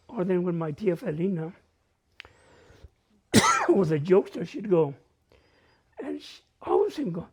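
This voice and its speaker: A man from northern New Mexico with a local accent, telling family stories at a live community open mic, animated and acting out relatives' voices with Spanish phrases mixed in. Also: sits high, measured pace, pauses often, slightly rough. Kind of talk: live personal storytelling. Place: library event space, live.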